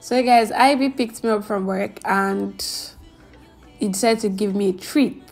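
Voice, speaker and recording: A woman's voice: medium pitch, a little slow, vocal fry, soft background music. A young woman with a Nigerian accent, chatting casually to camera in a vlog and slipping in Pidgin phrases. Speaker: vlogger.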